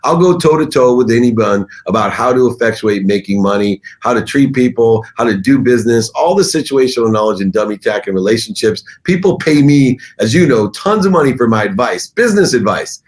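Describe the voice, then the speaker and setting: A middle-aged man, a guest on an interview show, telling his story in conversation with an emphatic, animated delivery. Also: medium pitch, brisk, hardly any pauses.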